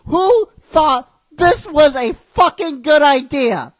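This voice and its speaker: A woman hosting a show, ranting in excited disbelief, swearing and laughing. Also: sits high, takes it slowly, dry recording. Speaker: host. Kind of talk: casual ranting commentary.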